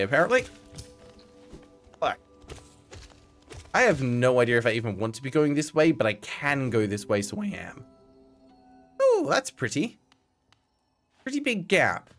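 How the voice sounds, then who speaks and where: Animated man streaming a game. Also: mid-range voice, measured pace, pauses often, soft background music. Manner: chatty, talks to himself and to chat, wry asides, swears. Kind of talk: casual live-stream gameplay commentary.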